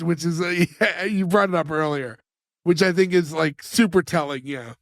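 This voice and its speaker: High-voiced man rambling casually. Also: measured pace, no echo. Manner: rambling, filler-heavy recaps with put-on quotes. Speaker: podcast co-host. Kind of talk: casual chat.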